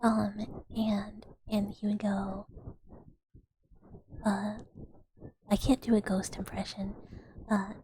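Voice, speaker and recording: Woman streamer, soft ASMR whisper, rambling and giggly, slow, faint background noise. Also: medium pitch, level tone, poor audio. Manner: rambling, giggly, lots of fillers.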